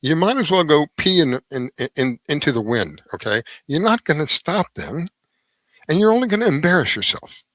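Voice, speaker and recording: Animated middle-aged male radio host. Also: on the high side, normal speed, no room sound, rough recording. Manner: rambling, restarts, animated emphasis. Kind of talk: opinion monologue.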